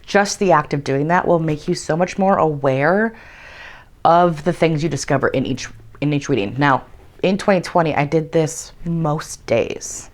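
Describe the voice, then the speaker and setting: A woman's voice: deep voice, measured pace. A young adult woman talking casually as a tarot vlogger, explaining a method with plenty of "like" and "um" and the odd swear word. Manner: chatty, frequent "like" and "um" fillers, casual swearing. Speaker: tarot content creator. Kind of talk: casual instructional vlog.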